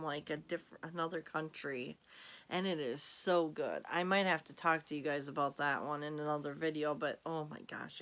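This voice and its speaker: A woman's voice: deep voice, a bit bright. A woman vlogger chatting casually to her camera in a rambling, giggly way.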